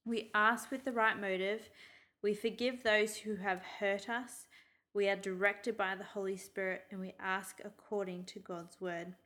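A woman hosts a church podcast in a relaxed, chatty way. She steers the talk with easy fillers and a slightly low, even voice. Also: measured pace. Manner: chatty, leads the discussion with frequent "um"s. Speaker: podcast host. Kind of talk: casual church podcast chat.

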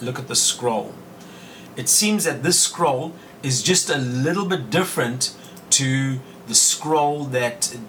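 A man hosting a podcast, reading Bible verses aloud and explaining them in a measured way. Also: medium pitch, a bit bright, far from the mic, slight background noise, low-quality recording. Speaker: podcast host teaching scripture.

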